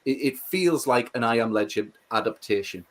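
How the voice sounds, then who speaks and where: A man co-hosting a casual livestream chat, animated and swearing as he rants about films. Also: medium pitch, moderate pace. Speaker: co-host.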